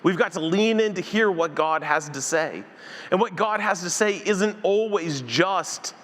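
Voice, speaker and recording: A man's voice: high-pitched, normal speed, long reverb tail. A male pastor preaching a sermon, acting out the voices of the story as he tells it. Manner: animated preacher who acts out voices in the story. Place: church sanctuary.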